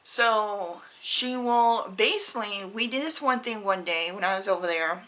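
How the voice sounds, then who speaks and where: Woman vlogger, bright tone, casual and candid, rambling talk to viewers. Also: medium pitch, unhurried, low-quality recording. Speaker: beauty vlogger. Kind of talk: casual chat to camera.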